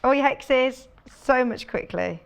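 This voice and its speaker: A woman's voice: sits high, measured pace, creaky, a little hiss or hum. A woman presenting sewing products on a live shopping channel, chatty and enthusiastic, thinking aloud as she demonstrates. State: out of breath. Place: TV studio.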